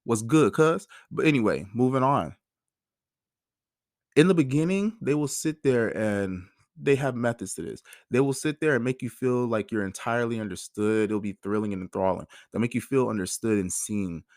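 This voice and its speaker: A man in his thirties telling a personal story as a podcast host, heated and animated, swearing often. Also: medium pitch, moderate pace, no room sound, clean studio sound. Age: 30s. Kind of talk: casual personal monologue.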